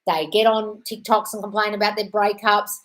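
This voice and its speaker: A woman's voice: medium pitch, flat delivery, normal speed, fairly bright tone. A young British woman hosting a casual live Q&A, blunt and swearing freely, calling listeners darling. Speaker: host answering viewer questions.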